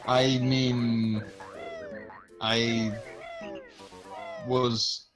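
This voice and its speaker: A man's voice: medium pitch, flat delivery, drawn-out words, rough recording. A young man, a speedrunner, chatting casually while playing, rambling and swearing with many restarts. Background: game music.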